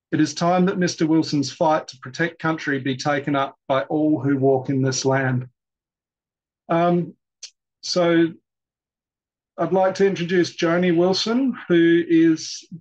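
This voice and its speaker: A man introduces an event, pausing often on fillers as he speaks. His voice sits a touch high for a man. The sound is dull and lo-fi, as if the top end has been cut away. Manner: hesitant, with many fillers. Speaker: event host and guest editor.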